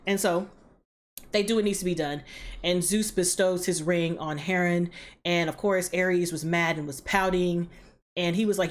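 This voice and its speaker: A woman hosting a reaction video, recapping an episode in an animated, slangy, profane way. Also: fairly low pitch, normal speed.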